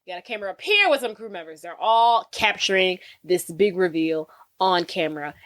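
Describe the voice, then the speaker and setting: A woman's voice: fairly low pitch, brisk. A woman co-hosting a podcast, retelling a movie in casual chat and acting out the characters' lines. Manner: animated retelling with acted-out quotes. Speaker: podcast co-host.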